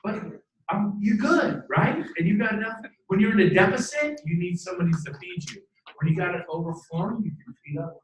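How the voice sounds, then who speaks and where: A man in his fifties giving an energetic motivational talk to a live audience, preachy and animated, with sudden shouted bursts and jokey asides. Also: high-pitched, brisk. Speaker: motivational speaker at a team training event. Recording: echoey room from a distant mic.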